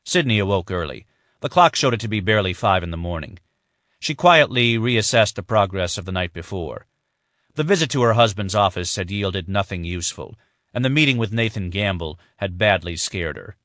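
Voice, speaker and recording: Male audiobook narrator, measured and even, low voice, dry close recording. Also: no room sound. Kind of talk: scripted narration.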